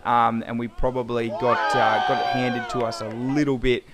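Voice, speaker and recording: Man, Australian accent, young adult, sports commentary, excitable, slangy, mid-pitched voice. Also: moderate pace, very noisy. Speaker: footy player narrating his own game footage.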